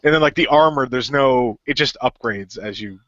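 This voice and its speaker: A man's voice: mid-range voice, normal speed, a bit bright, no echo, lo-fi sound. A man co-hosting a podcast in casual chat, rambling with lots of fillers. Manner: rambling, filler-heavy, full of "like". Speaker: podcast co-host.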